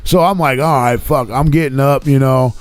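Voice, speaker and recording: A man's voice: mid-range voice, moderate pace, faint music behind. A man on a live podcast telling a rowdy story in casual chat, swearing often and acting out what people said. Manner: animated, profane storytelling, acts out quoted lines. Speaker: podcast co-host.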